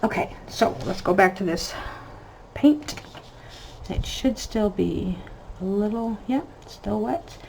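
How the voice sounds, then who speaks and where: Slowly and expressively, a coloring channel host, an American woman in her thirties, chats about her family and talks through her coloring, drifting between stories. Her mid-range voice is a little mellow, with vocal fry and frequent pauses. The audio is poor, with a little hiss or hum.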